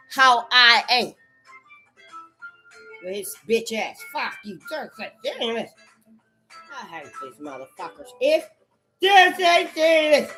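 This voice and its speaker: A woman in a rambling, profane rant, repeating curses and jumping between loud outbursts and low mutters. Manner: erratic, repetitive, swearing constantly, swinging between shouts and mutters. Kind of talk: profane stream-of-consciousness rant.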